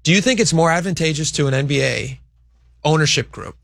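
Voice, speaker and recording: Radio host guy chatting, gravelly voice a bit high, dry close mic. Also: fairly quick, fairly bright tone, dry recording. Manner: chatty, rambling, asks cohost questions. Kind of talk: casual talk radio banter.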